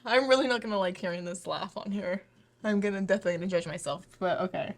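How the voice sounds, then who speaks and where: Playful woman co-hosting a podcast. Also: mid-range voice. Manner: playful, teasing, quick to laugh. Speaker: podcast co-host. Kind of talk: casual chat.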